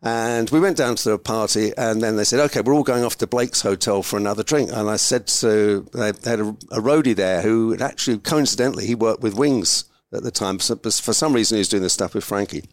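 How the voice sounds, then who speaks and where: A man's voice: on the low side, fairly quick, hardly any pauses, no room sound. An older man, a podcast guest, telling a long rambling anecdote and acting out the voices of the people in it. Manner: rambling, animated, acts out quoted voices. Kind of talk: casual storytelling.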